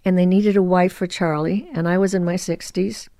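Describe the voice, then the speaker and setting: Expressive woman in her eighties. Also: lowish voice, moderate pace, no echo. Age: 80s. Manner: expressive storyteller, drops to soft asides. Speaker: guest. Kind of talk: casual interview conversation.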